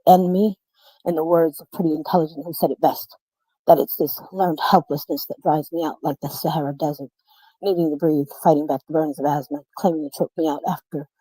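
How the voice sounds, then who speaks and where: A woman performing spoken-word poetry dramatically, swinging between loud bursts and low menacing murmurs over a streamed call. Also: dry recording, low-quality recording. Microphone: video call stream.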